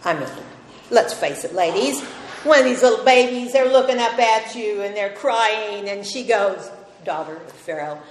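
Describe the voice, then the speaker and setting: A woman's voice: fairly high pitch, animated, normal speed. An older woman leads a women's Bible study, telling the story casually and slipping into the voices of the people she quotes. Her voice rings through a large, echoing hall with long reverb. A faint background hum sits under her speech. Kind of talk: informal Bible teaching. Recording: echoey hall, faint ambience.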